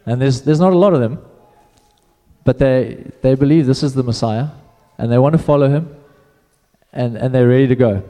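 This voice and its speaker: A man's voice: mid-range voice, normal speed, mellow, big-room sound. A man preaching a sermon in a casual, conversational way, often restarting his phrases.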